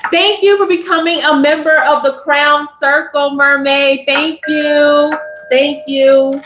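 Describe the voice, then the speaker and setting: Slow, chatty woman livestream host. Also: high voice, roomy sound, soft background music, poor audio. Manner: expressive, chatty, drawn-out delivery. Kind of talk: casual livestream chat.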